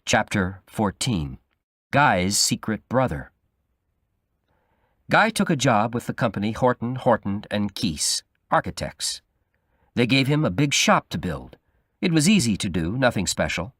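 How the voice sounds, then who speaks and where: Man reading a novel aloud, low and lively. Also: breathy edge, no room sound, clean studio sound. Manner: lively, measured storytelling. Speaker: audiobook reader. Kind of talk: scripted narration of a graded reader.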